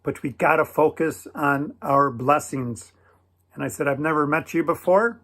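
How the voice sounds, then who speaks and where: A man with a slightly raised pitch tells a personal story. He speaks earnestly and gently, in a preacherly cadence, and leans into repeated blessings and short prayers. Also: normal speed. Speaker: Christian video creator.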